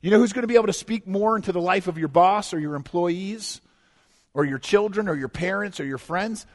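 Male pastor, high tenor, lively conversational sermon delivery, reverberant church hall. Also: a little fast. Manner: animated, conversational preaching with humor and rhetorical questions. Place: church sanctuary.

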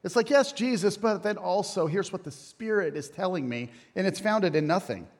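Pastor, male, slightly high voice, lively folksy preaching, long reverb from a church hall. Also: normal speed. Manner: animated, folksy preaching with asides and jokes. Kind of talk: sermon. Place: church sanctuary.

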